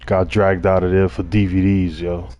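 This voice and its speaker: A man's voice: sits low, moderate pace. Laid-back New man telling street stories. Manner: laid-back street slang, swearing, animated when quoting others. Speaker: streamer. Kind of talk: casual storytelling.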